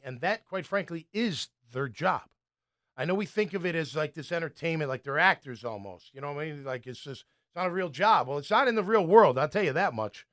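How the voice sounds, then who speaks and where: High-voiced ex-player sports talk host. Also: male voice. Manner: animated storyteller, acts out coaches' yelling.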